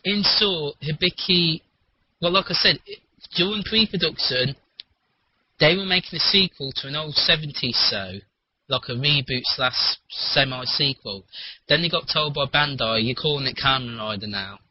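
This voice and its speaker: A man talking in a rambling, animated casual chat, swearing freely, on a muffled lo-fi recording. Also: on the high side, a little slow, breathy edge.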